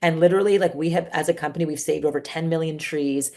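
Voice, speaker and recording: A woman entrepreneur speaks in a casual interview, candid and animated. Her voice sits low with a gravelly fry, and she keeps reaching for "like" and "you know" as she talks. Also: quick pace. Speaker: entrepreneur guest.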